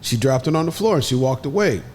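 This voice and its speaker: A man telling a story in an animated way, with lively jumps in pitch as he acts out other people's voices. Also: fast, a little hiss or hum. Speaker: podcast guest.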